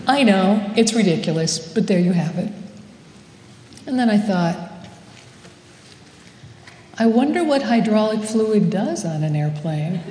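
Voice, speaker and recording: A woman pastor preaching a sermon, telling a story slowly with gentle humor. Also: lowish voice, a little hiss or hum. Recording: echoey hall with long reverb.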